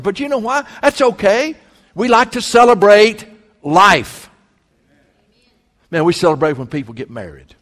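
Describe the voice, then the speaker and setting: A man's voice: fairly high pitch, long reverb tail. A man, preaching a sermon as pastor in an emphatic, folksy way. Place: church sanctuary.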